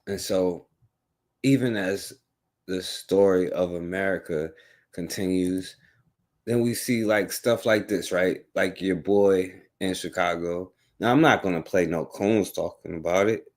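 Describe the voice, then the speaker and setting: A man with a lowish voice hosts a talk radio show. He comments on politics casually and keeps tossing rhetorical questions at the listener. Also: a little slow, a little mellow. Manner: conversational, rhetorical, many "right?" and "you know what I'm saying".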